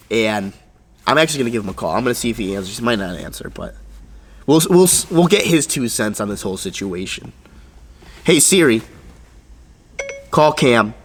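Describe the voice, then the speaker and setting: A young man vlogging, telling a story in a casual, animated, profane way and acting out the voices of others. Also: medium pitch, big-room sound, slight background noise.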